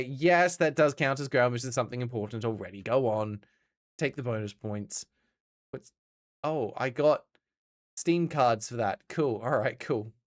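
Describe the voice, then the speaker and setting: An Australian man streaming games, chatting casually and answering his chat as he plays. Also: mid-range voice.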